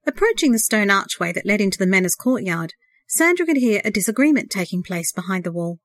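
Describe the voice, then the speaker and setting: A woman narrates a novel for an audiobook, her middle-pitched voice measured and expressive. The recording is dry and close-miked, with no sense of a room around her.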